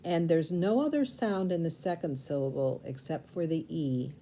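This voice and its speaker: A woman teaching a recorded spelling lesson, sounding out syllables slowly and spelling words letter by letter. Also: low-pitched, dark tone, a little hiss or hum.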